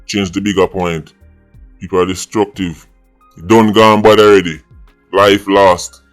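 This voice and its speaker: A man's voice: low-pitched, flat delivery, measured pace, soft background music. A Jamaican man hosting his vlog, delivering a blunt, scolding opinion rant in patois-tinged speech. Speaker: vlog host. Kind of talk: opinion commentary monologue.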